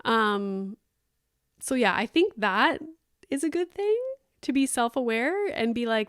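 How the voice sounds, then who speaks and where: A woman's voice: on the high side, big pitch swings, measured pace, smooth, no room sound, clean studio sound. A woman in her thirties hosting a casual solo podcast, telling stories in a chatty, exasperated way with lots of fillers. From Canada. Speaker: podcast host.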